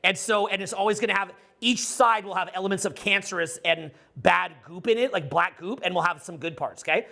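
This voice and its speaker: A middle-aged man giving a casual, profane, rambling talk to a live audience as a social skills coach, loud and excitable. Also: high voice, fairly quick, creaky, hardly any pauses.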